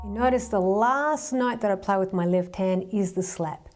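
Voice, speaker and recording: A woman teaching hand drum rhythms, calmly counting out strokes and hand patterns. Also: medium pitch, moderate pace, music in the background. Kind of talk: hand drumming lesson.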